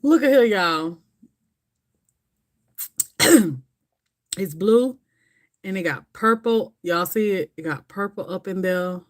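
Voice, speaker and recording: Woman, casual livestream chat, rambling, talks to viewers, middle pitch. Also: animated, slow pace, long pauses. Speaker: livestream host.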